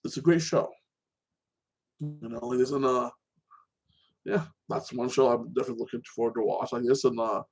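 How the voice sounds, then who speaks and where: Rambling excitable man chatting casually. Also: medium pitch, normal speed, vocal fry, pauses often. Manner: rambling, keeps tagging "like that"; animated, excitable. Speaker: show host. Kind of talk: casual solo chat about TV shows and fights.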